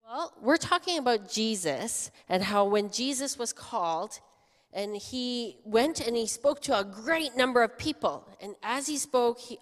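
Woman, pastor, children's sermon, lively storytelling, quizzes the kids, long church reverb. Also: mid-range voice. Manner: animated storytelling, asking the children questions. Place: church sanctuary.

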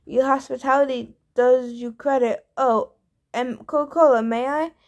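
A woman voicing an easygoing, fast-talking male messenger god in a storybook reading, breezy and offhand like a busy businessman. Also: sits high, steady tone. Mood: relaxed.

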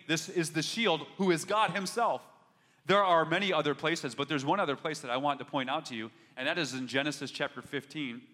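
A man's voice: fairly high pitch, pushed and bright. Earnest preacher man in a reverberant hall. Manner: earnest preaching, rising in force when urging, with repeated restarts. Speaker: pastor. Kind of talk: sermon.

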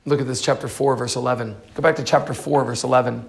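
A man's voice: mid-range voice, fairly even intonation, fast, vocal fry. A man preaching a sermon, reading scripture aloud and then explaining it. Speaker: pastor.

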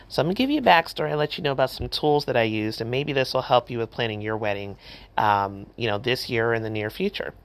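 A middle-aged woman hosting a podcast, telling a personal story in a chatty, animated way with lots of fillers and acted-out quotes. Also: very deep voice, fairly quick. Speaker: podcast host. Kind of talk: casual storytelling.

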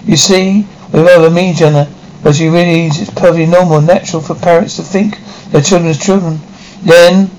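A middle-aged actor playing a proud, patient but stern inventor father, speaking in measured, formal lines in a 1950s TV drama style. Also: fairly high pitch, steady tone, darkish tone, slight background noise, natural voice, rough recording. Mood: soothing.

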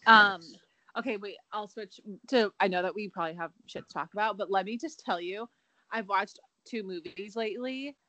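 A woman's voice: medium pitch, moderate pace, sharp tone, dry recording, rough recording. A young woman co-hosting a casual chat podcast, chatty and playful, filling her talk with "like". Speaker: podcast co-host.

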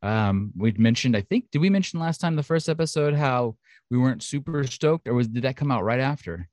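A man co-hosting a podcast in casual chat, chatty, excitable and jokey. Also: mid-range voice, a little fast, no room sound. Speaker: podcast co-host.

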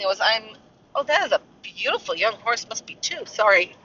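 Her voice is a little high, brisk, bright, and forceful, with lively intonation. She's a podcaster in her forties making casual chatter while driving a country road, rambling and hopping between tangents prompted by passing sights. Heard from a distance, the audio is dull and muffled.

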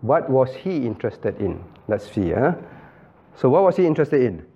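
A man's voice: mid-range voice, big pitch swings, moderate pace, slightly rough, highs cut off. A male pastor leading an interactive Bible study in a church room, emphatic and questioning, calling on listeners by name.

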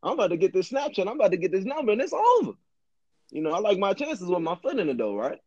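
A man's voice: sits high, big pitch swings, quick pace, darkish tone, no echo, muffled recording. A young man telling a story in a laid-back, slangy way, laughing often as he talks. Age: young adult. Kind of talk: casual storytelling.

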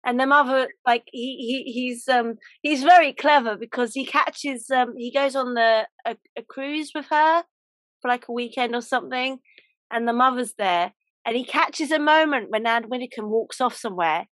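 A woman's voice: high voice, normal speed, a bit bright, no echo. A woman hosting a casual chat, often ending points with tag questions. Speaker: host.

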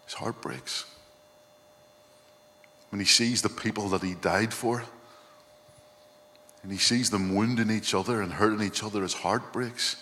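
A man's voice: on the low side, fairly even intonation, unhurried, pauses often, bright, forceful tone. A male pastor giving an earnest, reflective sermon and often quoting scripture. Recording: long hall reverb, faint hum.

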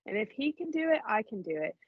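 A woman talks emotionally and animatedly in a relaxed faith chat, and she laughs often. The recording is dry and dull, with no room sound. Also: fairly high pitch, fast talker, slightly rough, dry recording. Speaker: podcast co-host.

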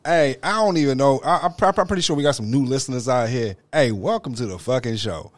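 A man's voice: medium pitch, fast talker, no echo. A man hosting a podcast in a studio, reacting with profane disbelief and mocking what others say. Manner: incredulous, profane reactions, mocking put-on quotes. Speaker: podcast host. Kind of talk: crude casual banter. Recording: dry studio.

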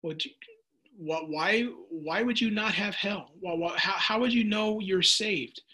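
A man's voice: sits high, measured pace, sharp tone, husky. A middle-aged man preaching a sermon on the radio, passionate, stumbling and repeating words as he reads listener texts.

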